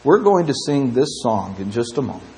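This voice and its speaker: A man preaching a sermon in church, impassioned, swinging between loud emphatic stretches and quiet ones. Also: mid-range voice, very animated, a little fast, low-quality recording. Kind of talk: sermon with invitation.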